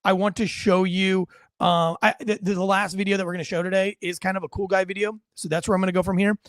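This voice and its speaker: Man, high voice, blunt, profane, ranting, dry close sound. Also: level tone, fast, no echo. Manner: blunt, profane, wisecracking, reads chat aloud. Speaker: livestream show host and military veteran. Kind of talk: unscripted ranting commentary.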